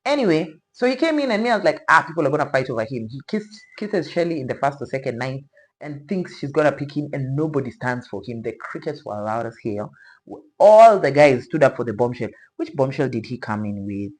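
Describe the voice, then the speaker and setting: A woman's voice: extremely low pitch, very animated, fairly quick, dark tone, rough recording. A woman chatting casually as a reaction vlogger, rambling and playfully opinionated, with slang asides.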